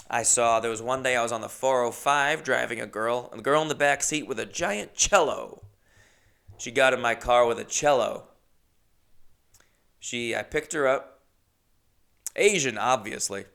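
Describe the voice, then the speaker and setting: Smooth-voiced man telling a rambling story. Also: mid-range voice. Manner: rambling, animated retelling with voiced quotes. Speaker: podcast host. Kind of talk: comedic storytelling.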